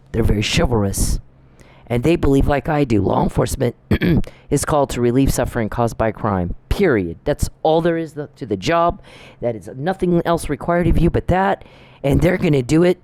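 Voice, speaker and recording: A man's voice: mid-range voice, darkish tone, low-quality recording. Taunting, profane man ranting. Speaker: online commentator. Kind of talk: angry rant to camera. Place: Oklahoma.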